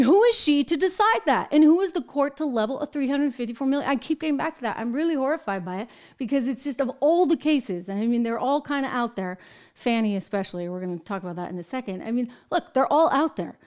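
An American woman hosting a political commentary show, talking in an emphatic, animated way with exasperated asides. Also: high voice, quick pace. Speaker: show host.

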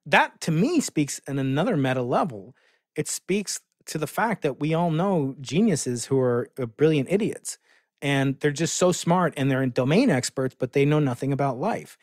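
A man's voice: on the high side, expressive, normal speed, no echo, studio quality. A middle-aged man from the United States, a physicist guest telling stories with enthusiasm in a casual podcast conversation. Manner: enthusiastic, storytelling explainer.

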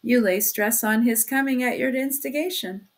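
A woman's voice: on the high side, moderate pace, voice pushed up, lightly acted. A woman reading aloud as a talkative, sly male criminal investigator who chats in a chummy, insinuating way. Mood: sly, probing. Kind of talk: audiobook reading.

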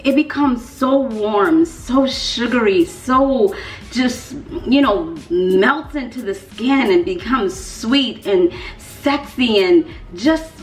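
Woman, casual vlog review, playful, emphatic, higher voice, echoey room. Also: slow pace. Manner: animated, playful, emphatic repetition. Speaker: fragrance reviewer.

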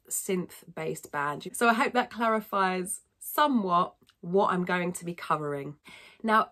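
A woman teaching singing in a casual video lesson, chatting to viewers with quick self-deprecating asides. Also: medium pitch. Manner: chatty, warm-hearted asides, thanks viewers.

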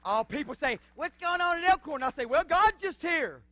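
A male pastor preaching a sermon in a church, swinging from low, quiet talk to fervent shouting. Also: expressive, moderate pace, dry recording. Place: church sanctuary.

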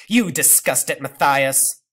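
A man reading aloud and voicing a bitter, scolding elderly grandmother with a sharp, indignant, raised voice. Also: mid-range voice, animated, slow. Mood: scornful.

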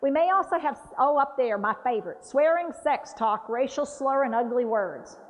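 A woman dementia care trainer giving a lively talk, acting out patient voices. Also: sits high, normal speed. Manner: animated, acts out patient voices. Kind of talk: lively training talk with role-play demonstrations. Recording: dull roomy hall recording.

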